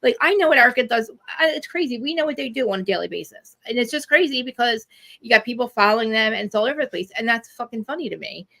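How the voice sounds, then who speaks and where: Brash New Jersey woman podcaster, bright and forceful, rapid-fire talk. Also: on the high side. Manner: fast, animated, laughing, swears freely. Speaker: podcaster guest. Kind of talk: casual chat. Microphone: video call.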